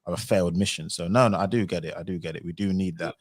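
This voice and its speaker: Deep-voiced, fast-talking male host. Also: dry recording, clean studio sound. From United Kingdom. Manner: relaxed, filler-heavy, agreeable. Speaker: livestream host. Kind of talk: casual panel discussion.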